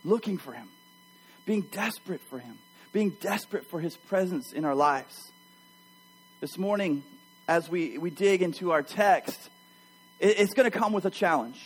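Pastor guy preaching, pretty high voice, lively storytelling to the church. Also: normal speed, pauses often, husky, soft background music, low-quality recording. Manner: animated storytelling, addresses the congregation. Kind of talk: sermon.

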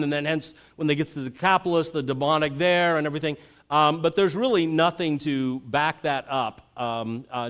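Halting, smooth-voiced male preacher. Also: a little high. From Florida. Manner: halting, many fillers and restarts. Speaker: pastor. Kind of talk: conversational sermon.

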